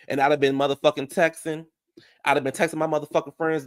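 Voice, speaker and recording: A man, casually reviewing a reality show, loud and animated, with profane storytelling and sudden falsetto outbursts. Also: fast, no room sound, studio quality. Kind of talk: casual reaction commentary.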